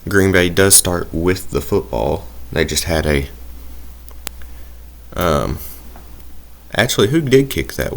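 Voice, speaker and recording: Talking over his own football video game footage, this young YouTuber rambles and hesitates, packing in fillers and poking fun at himself. His voice is deep with vocal fry, yet fairly bright in tone.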